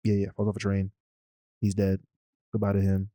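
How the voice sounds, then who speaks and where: A man's voice: low-pitched, completely flat delivery, normal speed, mellow, no echo. A man co-hosting a podcast, recapping a movie plot in a laid-back way with fillers. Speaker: podcast co-host. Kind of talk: casual chat.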